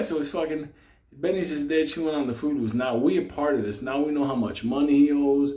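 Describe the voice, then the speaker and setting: Pitched on the high side and talking fairly quickly, a man spins a wild tale in an echoey room. The telling is casual and animated, loaded with profanity and laughter.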